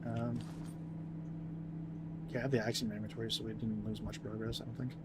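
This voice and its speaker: A man's voice: fairly low pitch, little pitch movement, brisk, heavy background noise. A young man giving rambling, casual commentary as he plays and chats with viewers, swearing now and then. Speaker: streamer.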